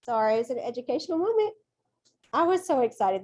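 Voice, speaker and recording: A woman's voice: sits high, fast talker. Chatty woman teacher telling classroom stories. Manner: chatty, folksy, expressive. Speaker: teacher presenting at a conference. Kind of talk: animated classroom storytelling.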